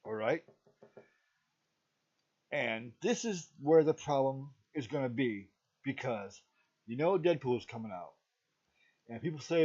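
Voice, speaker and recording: A man's voice: mid-range voice, measured pace, long pauses, a little mellow. A middle-aged man reviewing a movie in a casual, rambling talk, often stopping to ask "okay?". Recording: dull lo-fi recording.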